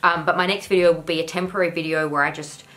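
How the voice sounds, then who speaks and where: A woman's voice: sits low, fairly even intonation, fast, fairly bright tone, poor audio. Earnest young woman vlogging from home. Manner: earnest, rambling, heavy on "like" fillers. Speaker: YouTuber. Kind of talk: candid talking-to-camera vlog.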